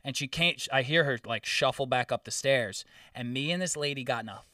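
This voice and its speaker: A man's voice: mid-range voice, fairly quick, no room sound, clean studio sound, distant mic. A man telling a story in casual chat, swearing freely and acting out the quotes. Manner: profane, animated storytelling with acted-out quotes.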